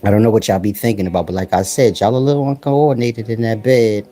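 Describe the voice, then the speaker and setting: A man's voice: lowish voice, steady tone, fast, warm tone. A man delivering a crude, casual comedic monologue in swaggering slang, with drawled asides to the listener. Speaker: comedic ranter.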